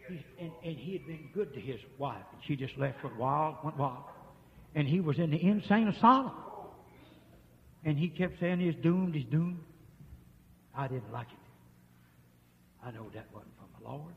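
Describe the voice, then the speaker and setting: A man preaching a revival sermon, swinging from hushed murmurs to shouts. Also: on the high side, expressive, normal speed, vocal fry, long pauses, a little hiss or hum. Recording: dull lo-fi tape with long reverb.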